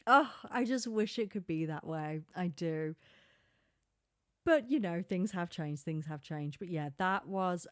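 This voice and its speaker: A young adult woman hosting a casual solo podcast, chatty and animated, peppering her talk with "like". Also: on the low side, no room sound, studio quality. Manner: chatty and animated, heavy use of filler "like", quick asides and laughs. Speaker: podcast host. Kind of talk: casual solo podcast chat about reality TV.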